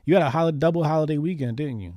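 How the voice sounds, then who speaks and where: A man's voice: fairly high pitch, fast, mellow, no echo. A man hosting a casual talk show, speaking in an emphatic, provocative, slangy way. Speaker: host. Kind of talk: casual commentary chat.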